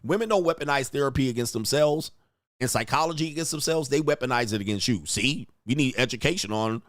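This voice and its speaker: A livestream host rambles through a crude, casual rant, dropping "all right" between nearly every point. His mid-range voice is animated and he talks fast, captured in clean studio sound with no echo.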